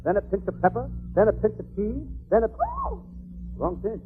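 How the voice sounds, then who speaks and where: Excitable high-voiced radio comic. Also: male voice, moderate pace, creaky. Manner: excitable, whiny, wisecracking. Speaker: comedian. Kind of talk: 1940s radio comedy. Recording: tinny old radio broadcast with loud music.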